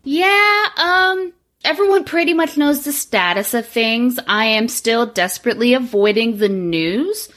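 A woman's voice: on the high side, expressive, a little slow, a bit bright. A woman in her thirties co-hosting a podcast, chatting casually with lots of swearing, fillers and laughs. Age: 30s. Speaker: podcast co-host.

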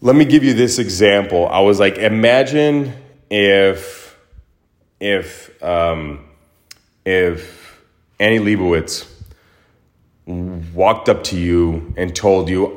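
A man's voice: low voice, slow, long pauses. A man hosting a podcast, telling a story in a casual, rambling monologue full of fillers, and livening up as he retells the action. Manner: rambling, filler-heavy, animated when retelling. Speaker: podcast host.

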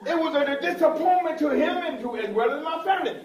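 Man preaching, high voice, hallelujah-filled sermon, booming church echo, heard from a distance. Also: expressive, fast talker, a crowd in the background. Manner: Southern preacher cadence, repeats hallelujah, rising to shouts. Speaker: bishop preaching. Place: church sanctuary. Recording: echoey church from far off with congregation.

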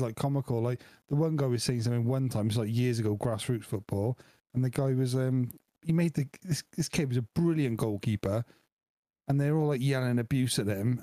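A man's voice: medium pitch, mellow, no room sound. A man, co-hosting a podcast and telling stories with a laugh. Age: 40s. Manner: laughing, storytelling. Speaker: podcast co-host. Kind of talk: casual chat.

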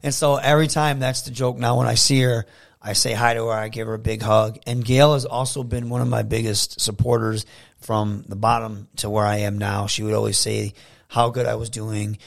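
A man from Michigan, a professional wrestler guesting on a podcast, telling animated stories in casual chat and acting out the dialogue. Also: on the low side, moderate pace, creaky. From Michigan, USA. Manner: animated storyteller, acts out quoted dialogue.

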